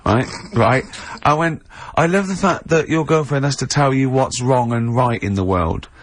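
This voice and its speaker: A man hosting a radio show in a studio, chatting casually and telling animated stories in which he mimics a friend. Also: medium pitch, moderate pace, dry recording. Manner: animated anecdotes with impressions of a friend. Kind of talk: casual radio chat, storytelling.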